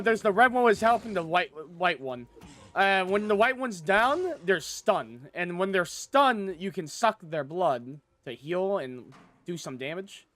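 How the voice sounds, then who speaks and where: High-voiced man streaming a game. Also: fairly bright tone. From United States. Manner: loose, rambling and profane, with frequent laughs. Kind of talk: casual gameplay commentary.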